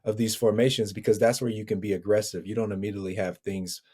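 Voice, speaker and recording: A man joining a podcast as a guest analyst, breaking down football film in a measured, analytical way. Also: fairly low pitch, flat delivery, dark tone, slightly rough. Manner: measured, analytical, chuckles between points.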